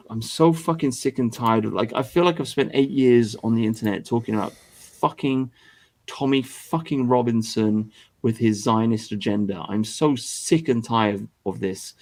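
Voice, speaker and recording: A man holds forth as a podcast host, swearing freely and sounding fed up. His voice sits at an ordinary middle pitch for a man. He talks loosely and off the cuff. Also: moderate pace. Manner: crude, exasperated ranting. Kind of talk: casual profane commentary.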